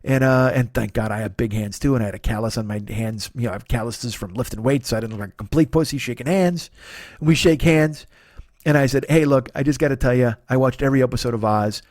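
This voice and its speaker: A man's voice: medium pitch, quick pace, a little mellow, no echo, clean studio sound. A man, hosting a solo comedy podcast, rambling in a profane, self-deprecating way. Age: 40s. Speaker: podcast host.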